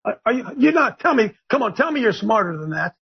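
A man hosting a Bible discussion, preaching emphatically, shouting verses and firing rhetorical questions. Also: high-pitched, sing-song, fast, vocal fry, husky, highs cut off. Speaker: host leading a Bible discussion. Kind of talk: fiery preaching-style Bible talk.

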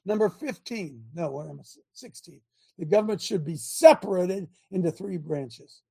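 A man giving an impassioned political talk to an audience, reading numbered principles aloud and breaking off into angry, loud commentary. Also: high-pitched, normal speed, creaky, husky. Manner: reads numbered principles, then rants and comments; grows angry and loud at times. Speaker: speaker addressing an audience.

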